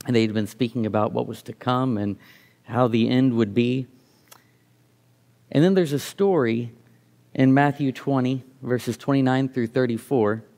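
A man's voice: medium pitch, gravelly, a little mellow. A middle-aged man giving a reflective sermon, reading scripture aloud and often restarting his phrases. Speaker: preacher.

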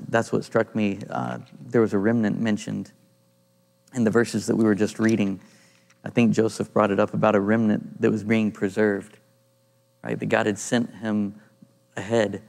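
A man leading an informal Bible study, thinking aloud and pausing to search for passages as he reads and explains scripture. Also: on the low side, gravelly, darkish tone. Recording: long reverb in a room.

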